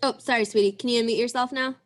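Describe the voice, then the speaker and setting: A young woman teaching a young class over a video call, drawing out sounds slowly and encouraging the children. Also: on the high side, steady tone. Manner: slow, encouraging, drawn-out sounds. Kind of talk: online class lesson.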